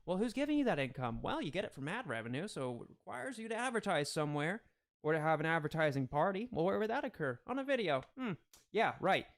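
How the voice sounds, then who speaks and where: A man talks briskly in a high-pitched, highly animated voice while hosting a livestream. What he delivers is a confrontational rant, heavy with swearing.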